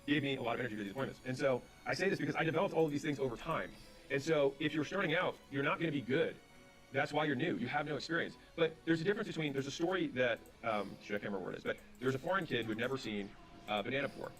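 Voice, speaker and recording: A man's voice: mid-range voice, faint music behind. A man speaking on business and sales, telling stories with quoted back-and-forth dialogue, then giving advice. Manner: rapid, animated retelling with quoted dialogue. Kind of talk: storytelling advice talk.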